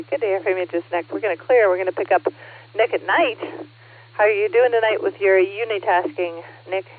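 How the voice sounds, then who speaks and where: A woman running a ham radio net as net control, chatty and quick to laugh. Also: mid-range voice, breathy edge. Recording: narrow ham radio transmission.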